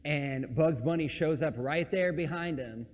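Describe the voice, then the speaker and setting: A man with a fairly high voice preaches a relaxed, conversational sermon and jokes at his own expense. His voice rings out with a long reverb that trails through a church sanctuary. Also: a little slow. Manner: casual, joking, self-deprecating.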